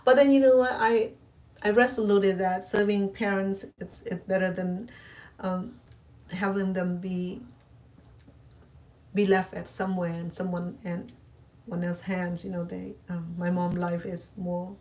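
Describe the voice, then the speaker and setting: A middle-aged woman talking casually to camera about caring for an aging parent, halting and full of restarts and fillers. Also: lowish voice, little pitch movement, darkish tone, distant mic. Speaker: cooking channel host. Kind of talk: casual personal talk to camera.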